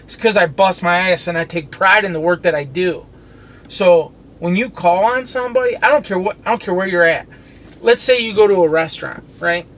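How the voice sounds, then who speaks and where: A man's voice: sits high, fairly quick. A man who cleans commercial kitchens, venting in a heated, profane, sarcastic rant. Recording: steady traffic and car noise behind.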